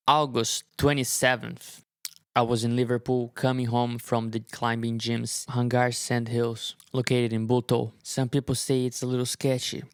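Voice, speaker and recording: A man vlogging to camera, earnestly telling a story with halting pauses and fillers. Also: medium pitch, fairly bright tone, clean tone, no echo, studio quality.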